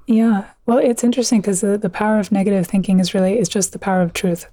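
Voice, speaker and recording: A woman author telling an old myth in a conversation, earnest and vivid, with quick asides. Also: medium pitch, fairly even intonation, mellow, no room sound. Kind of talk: conversational storytelling.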